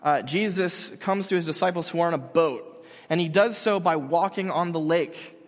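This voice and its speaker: A man preaching a sermon, telling a story with lively acted-out quotes that swing between loud calls and hushed words. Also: fairly high pitch, moderate pace, big-room sound. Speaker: pastor.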